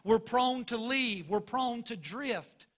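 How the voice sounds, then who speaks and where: A man's voice: very high-pitched, expressive, slow pace, fairly bright tone. A man preaching a sermon as pastor, emphatic and driving points home by repeating phrases.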